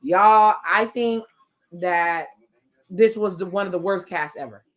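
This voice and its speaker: A woman's voice: lowish voice, measured pace. A woman from South Florida giving blunt, sassy live commentary on a TV show as a reaction video host. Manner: blunt, sassy, talks back to the screen.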